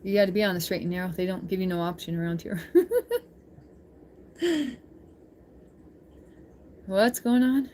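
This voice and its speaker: A woman talks casually to her stream chat at an ordinary mid pitch, laughing now and then as she answers viewers. A faint hiss of noise sits under her voice. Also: unhurried, long pauses, warm tone. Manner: chatty, laughs often, reads chat aloud. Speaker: livestreamer chatting with viewers.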